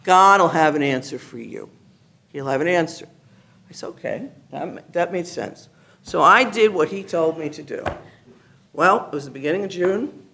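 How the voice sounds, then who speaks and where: A woman giving a personal testimony to her church gathering, telling her story in an animated, enthusiastic way. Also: deep voice, normal speed. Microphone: handheld mic at a gathering.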